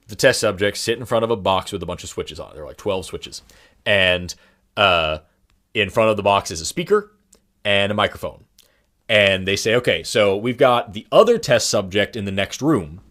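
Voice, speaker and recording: A man's voice: fairly low pitch, a bit bright. A man co-hosting a podcast, telling a long story in casual chat, with many fillers and restarts. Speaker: podcast co-host.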